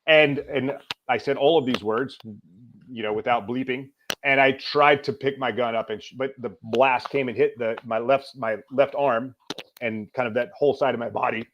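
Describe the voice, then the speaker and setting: Man, middle-aged, podcast guest, casual storytelling, animated, acts out quotes, medium pitch, faint noise. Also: normal speed, muffled recording.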